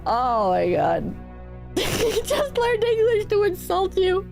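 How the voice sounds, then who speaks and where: A young woman streaming and chatting with viewers, hoarse and coughing from illness, telling profane stories full of mocking impressions. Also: very high voice, huge pitch swings, slow pace, a little mellow, faint music behind. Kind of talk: casual chat with viewers.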